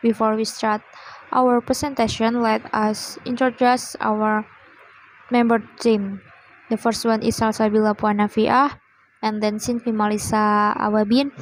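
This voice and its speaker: A young woman reading a class presentation in a slow, measured way with pauses. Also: on the high side, a little hiss or hum, poor audio. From Indonesia. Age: young adult. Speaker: student presenter.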